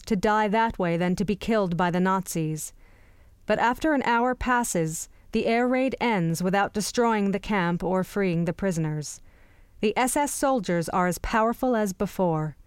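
A woman teacher summarizing a reading in a clear, explanatory, guiding manner. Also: mid-range voice, no room sound, studio quality. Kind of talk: lesson summary.

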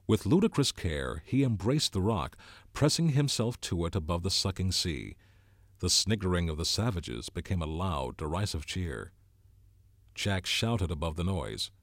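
Deep, expressive male storyteller. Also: normal speed, dry recording, clean studio sound. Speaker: narrator. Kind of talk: audiobook narration.

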